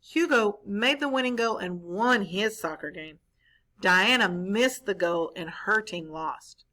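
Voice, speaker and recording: A woman teacher reading a story to children, pausing often to explain and quiz them. Her voice is bright and clear, at an everyday pitch. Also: lively intonation. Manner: explaining, asks the listeners questions. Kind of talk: read-aloud lesson for children.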